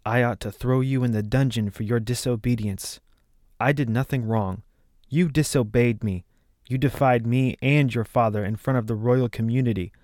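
A man's voice: mid-range voice, fairly even intonation, normal speed, darkish tone, dry recording, studio quality, close to an everyday voice. A man reading the part of a proud, domineering queen who speaks in a cold, commanding way. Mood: scornful.

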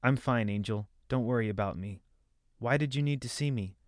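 A man voicing a wary, secretive male king's servant in a lowered, confiding voice. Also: normal speed, dry recording, clean studio sound, close to an everyday voice. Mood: tense.

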